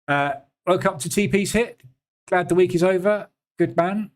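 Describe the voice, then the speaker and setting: A man's voice: sits high, animated, measured pace. A man with a British accent hosting a live trading room, chatting casually and sarcastically while answering viewer comments. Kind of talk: casual live-stream chat.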